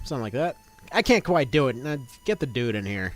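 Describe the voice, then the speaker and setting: A man's voice: mid-range voice, big pitch swings, quick pace, soft background music. A man in his thirties chatting casually as he streams a game, rambling with lots of fillers and restarts. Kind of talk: casual gameplay commentary.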